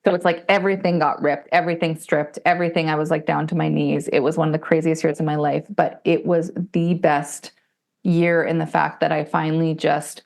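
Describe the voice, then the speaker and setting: A woman in her forties speaks as a podcast guest in a low, gravelly voice. She tells her story bluntly, swears freely, and jumps into other people's voices. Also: brisk. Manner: profane, blunt and animated; acts out other people's voices when telling stories. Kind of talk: candid conversational storytelling.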